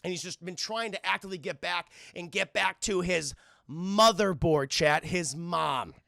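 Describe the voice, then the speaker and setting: A man streaming a loose cartoon recap who rambles, swears, and keeps turning to address his chat. His voice sits a bit high for a man and is bright, with heavy vocal fry. The sound is dry and close. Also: measured pace, no room sound. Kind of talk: casual live-stream episode recap.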